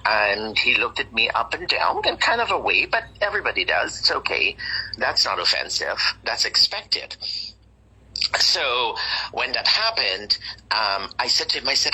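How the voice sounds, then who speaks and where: A guest telling a personal story in casual chat, animated and emphatic with dramatic asides. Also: mid-range voice, unhurried, breathy edge, rough recording.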